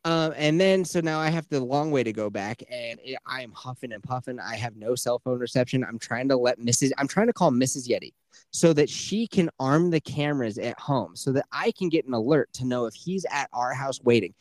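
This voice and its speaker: A man in casual podcast chat, spinning a long story with plenty of swearing and lively bursts. His voice sits in a middle pitch and is recorded dry and close, with little room sound. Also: brisk, no echo. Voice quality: profane, animated storyteller. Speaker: podcast host.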